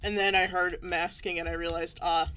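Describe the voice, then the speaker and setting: A young woman chatting casually with a friend on a gaming stream, answering with dry, quick quips. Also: on the low side, flat delivery, fairly bright tone, slight background noise. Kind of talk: casual chat while gaming.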